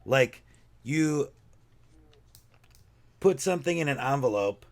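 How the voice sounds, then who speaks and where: A man's voice: mid-range voice, expressive, takes it slowly. A man co-hosting a casual podcast chat, musing in a loose, rambling way with many fillers. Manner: rambling, wondering, full of fillers. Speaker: podcast co-host.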